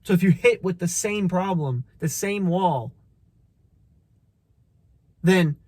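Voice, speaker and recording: A man's voice: high voice, takes it slowly, darkish tone, no room sound. A man giving a blunt, profane motivational talk, preaching at the listener, repeating himself and restarting his sentences. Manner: repeats phrases, stumbles on restarts. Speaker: motivational vlogger. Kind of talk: casual motivational monologue.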